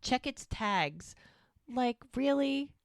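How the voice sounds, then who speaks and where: Speaking slowly in a voice that sits high, a woman co-hosts a podcast and animatedly retells a TV episode, playing out the characters' lines in casual conversation. The sound is clean studio audio with no room noise.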